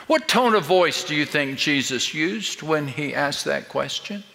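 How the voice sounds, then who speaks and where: A man's voice: fairly high pitch, lively intonation, measured pace, creaky, pushed and bright, a little hiss or hum. An older man preaching a sermon as pastor, speaking emphatically and building his point through rhetorical questions. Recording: long reverb of a large hall.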